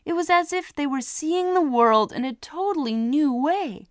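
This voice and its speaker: A woman reading a children's story aloud, giving each character an expressive voice. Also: high voice, moderate pace, dry recording, studio quality.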